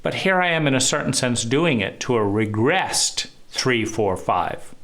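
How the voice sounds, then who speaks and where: A man's voice: mid-range voice, animated, a little slow, a bit bright. A man speaking in an earnest, confessional way in a reflective personal monologue.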